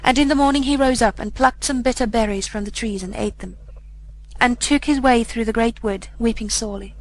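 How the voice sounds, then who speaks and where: A woman narrating a fairy tale audiobook in a measured, solemn storytelling manner. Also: on the high side, slight background noise, rough recording.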